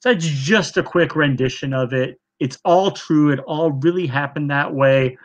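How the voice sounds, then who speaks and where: A man's voice: fairly high pitch, moderate pace. A man giving a mock-earnest, sarcastic retelling on a livestream, rambling with many fillers.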